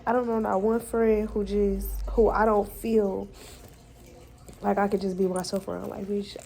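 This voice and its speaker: A woman's voice: medium pitch, flat delivery, normal speed, gravelly, warm tone, poor audio. A young woman, venting frankly and with profanity in a personal vlog. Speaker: vlogger.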